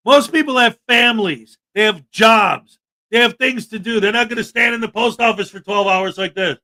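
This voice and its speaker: A man's voice: sits high, normal speed, bright, forceful tone. A man hosting a livestream, talking in an indignant, emphatic rant and reading out chat. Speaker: livestream host. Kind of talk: livestream commentary.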